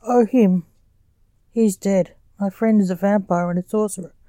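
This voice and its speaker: A woman's voice: medium pitch, steady tone, moderate pace, mellow, no echo, close to an everyday voice. A woman reading as a curt, snappish male sorcerer. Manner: snappish, grumbling. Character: curt bureaucratic male sorcerer stage magician.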